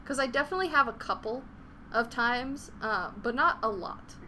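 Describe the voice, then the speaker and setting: A woman's voice: on the high side, lively intonation, normal speed, bright, forceful tone, slight background noise. A young woman chatting casually on a live gaming stream, swearing freely and venting frustration between laughs. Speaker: game streamer.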